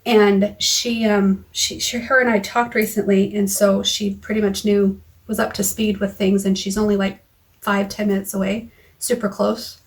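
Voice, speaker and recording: Recording herself on her phone in a car or at home, a vlogger gives a raw, halting account of a frightening argument. She restarts repeatedly and voices the back-and-forth dialogue. Her voice is mid-pitched and level in tone.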